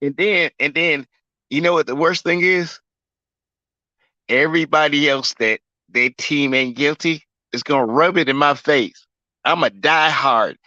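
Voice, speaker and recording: A fuming man in his forties rants about his team on a sports livestream, swearing with heavy emphasis. His voice is bright and forceful. The sound is dry and somewhat muffled. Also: on the high side, a little slow, dry recording. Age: 40s. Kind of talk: ranting sports livestream chat.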